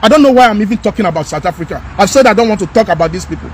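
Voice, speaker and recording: Very fast, high-pitched and lively in intonation, this commentator from Nigeria speaks with a Nigerian accent in an outdoor recording that carries a little hiss or hum. Addressing his viewers directly, he repeats himself emphatically in an impassioned rant that builds to anger.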